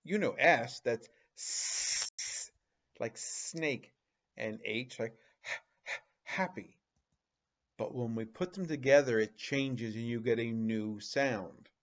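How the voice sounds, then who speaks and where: A man teaching a phonics lesson to young children, slowly drawing out each sound and asking questions in an animated, exaggerated way. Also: medium pitch, lo-fi sound.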